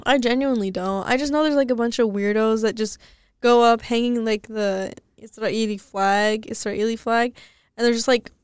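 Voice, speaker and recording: A woman's voice: a little high, steady tone, moderate pace, clear, resonant tone, no room sound, clean studio sound. A young woman co-hosting a podcast in casual chat, giggling often and swearing offhandedly. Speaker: podcast co-host.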